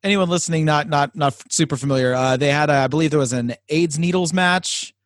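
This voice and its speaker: A man's voice: fairly high pitch, fast talker, no room sound, clean studio sound. A man interviewing a guest casually, mostly giving short replies and hesitant asides. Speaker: podcast interviewer.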